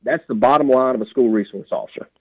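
A man's voice: mid-range voice, fast, no room sound. A blunt, plain-spoken man with a drawl, speaking as a radio guest. His voice comes through a thin, tinny phone line. The sound is bone dry, with no room around it. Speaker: sheriff candidate, radio guest.

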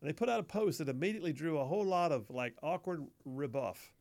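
A man hosts a talk radio show in a casual, wry manner. His voice sits a touch high and has a gravelly edge. He reads listener texts and laughs along with them. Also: expressive, fast, darkish tone.

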